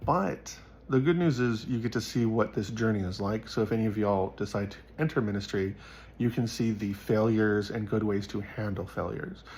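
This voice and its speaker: A man with a low voice and a gravelly, creaky edge talks straight to his viewers in an earnest, rambling way. He is casual and full of fillers, and there is a faint hiss under the recording. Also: steady tone, normal speed, darkish tone. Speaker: faith vlogger.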